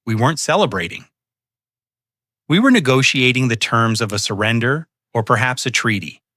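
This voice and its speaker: Bright, forceful older male storyteller. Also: mid-range voice, lively intonation, dry recording, studio quality. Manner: measured, solemn storytelling. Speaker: narrator. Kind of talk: scripted first-person narration.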